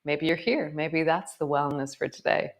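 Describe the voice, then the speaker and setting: A woman with a deep, steady voice leads a live guided yoga class, offering gentle, encouraging movement cues mixed with chatty asides. As she talks students through each move, she slows down and softens her voice.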